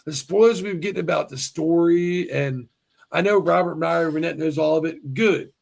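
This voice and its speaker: A man hosting a casual stream talks in a rough, gravelly voice that sits a little high for a man. He gets excited easily, swears freely and trips over his own restarts. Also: moderate pace. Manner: profane and excitable, heavy restarts. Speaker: livestream host. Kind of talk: casual chat.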